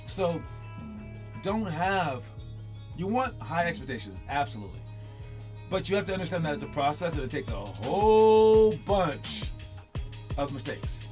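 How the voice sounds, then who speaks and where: A man talks to his young players in a loose, jokey way, wandering between tips and asides. His voice sits a little high. Loud music plays under everything he says. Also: very animated, measured pace, long pauses. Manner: chatty, rambling, jokey, breaks into song. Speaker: basketball coach teaching kids. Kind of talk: casual motivational classroom talk. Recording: music playing loudly underneath.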